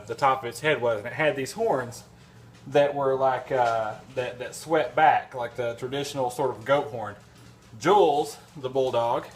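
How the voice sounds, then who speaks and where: A man's voice: medium pitch, a little hiss or hum. Man rambling through a folksy story. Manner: rambling, folksy anecdote with frequent restarts and fillers. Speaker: vlogger. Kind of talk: casual storytelling.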